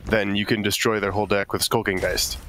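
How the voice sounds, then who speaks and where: Low-voiced man over noisy stream audio. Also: flat delivery, fairly quick. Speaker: guest player. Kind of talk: casual stream chat.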